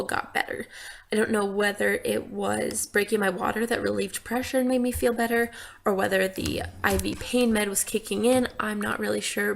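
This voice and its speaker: A woman's voice: mid-range voice, vocal fry. A young woman vlogger casually telling a personal story, chatty and full of "like" fillers.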